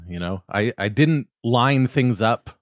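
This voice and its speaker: A man's voice: medium pitch, lively intonation, a little slow. A man hosting a podcast, chatting casually in a rambling, self-conscious way with some stammering. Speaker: podcast host and editor. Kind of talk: casual chat.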